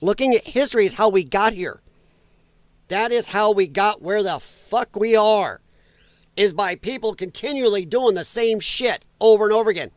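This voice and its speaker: A man's voice: high voice, moderate pace, no room sound. A man from Illinois hosting a political commentary livestream, ranting and sarcastic with crude language. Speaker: host.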